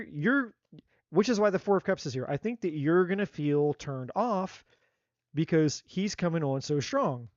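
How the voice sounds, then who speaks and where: A man giving a live tarot reading in a blunt, animated way, swearing freely and acting out what people might say. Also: fairly high pitch, no room sound, lo-fi sound. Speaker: tarot reader.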